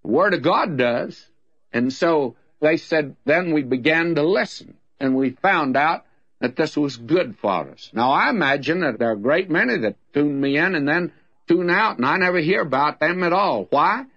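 A man's voice: moderate pace, dry recording. An older man with a Southern American accent, teaching the Bible on the radio in a folksy, emphatic way. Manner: folksy, emphatic with lively swings of pitch. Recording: dull lo-fi old radio recording.

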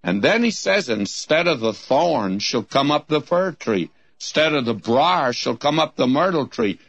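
A man's voice: medium pitch, sing-song, measured pace, fairly bright tone, muffled recording. A man giving a Bible study sermon in a folksy way, calling listeners his friends and reading scripture in old-fashioned wording. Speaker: Bible teacher.

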